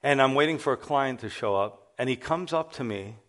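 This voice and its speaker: A middle-aged male pastor gives a sermon as an animated testimony. He tells his story with energy and acts out the voices of the people in it, speaking at an ordinary mid pitch for a man. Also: a little fast.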